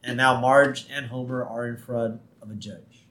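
A man's voice: medium pitch, steady tone, normal speed, fairly bright tone. A man co-hosting a podcast, casually recapping a cartoon episode, chatty and often checking "right?". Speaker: podcast co-host. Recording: echoey room.

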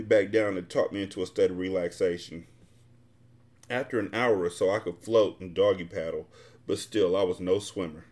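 Low-voiced man reading a story. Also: fairly even intonation, normal speed, darkish tone. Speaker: podcast host reading a novel aloud. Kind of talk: casual dramatic reading.

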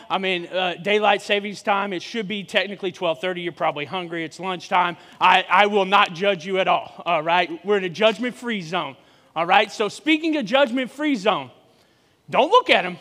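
A man in his forties, a guest preacher, giving a sermon with lively joking banter with the congregation. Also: high-pitched, brisk, big-room sound. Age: 40s. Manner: joking, energetic crowd banter. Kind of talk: sermon with audience interaction. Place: church hall.

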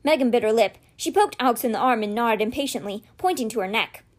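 A woman reading a children's novel aloud in a steady, gentle storytelling manner. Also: a little high, fast talker. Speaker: read-aloud podcast host.

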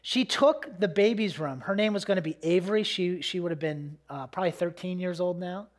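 High-voiced pastor preaching casually. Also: male voice, brisk. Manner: casual, repeats words, many fillers. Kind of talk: conversational sermon with personal story.

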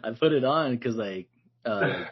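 A man co-hosting a podcast in casual chat, relaxed and loose, says "like" a lot and laughs often. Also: mid-range voice, measured pace, slightly rough, highs cut off. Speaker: podcast co-host.

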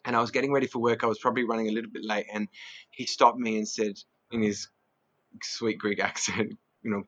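A man's voice: lowish voice, little pitch movement, fairly quick, fairly bright tone. A man in his thirties, a guest telling his personal story in an earnest, rambling way, full of "you know" and "like" and frequent laughs. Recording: dull lo-fi sound.

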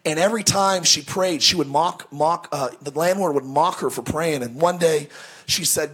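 Male pastor, sermon storyteller; animated, joking delivery with stumbles, high and husky voice. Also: moderate pace.

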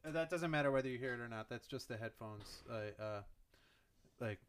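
A man from Chicago hosting a casual podcast chat, talking in a halting, stammering way. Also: medium pitch, clear, resonant tone. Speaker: podcast host. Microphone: studio microphone with headphones.

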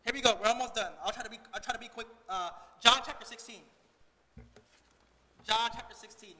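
A young man preaching a sermon to his church, talking quickly and excitedly. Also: extremely high pitch. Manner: fast, excitable delivery. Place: church sanctuary. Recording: echoey church hall.

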